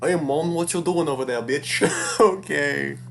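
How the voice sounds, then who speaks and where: A woman's voice: low voice, measured pace, creaky, faint music behind. A woman streaming a visual novel, reacting with profane, jumpy squeals and nervous rambling. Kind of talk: let's-play commentary.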